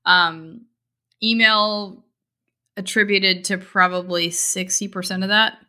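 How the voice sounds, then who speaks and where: A woman's voice: medium pitch, fairly even intonation, slow pace, pushed and bright, smooth. A woman co-hosting a casual business chat, talking loosely with many fillers and restarts. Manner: chatty, lots of fillers and restarts. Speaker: e-commerce marketer and co-host.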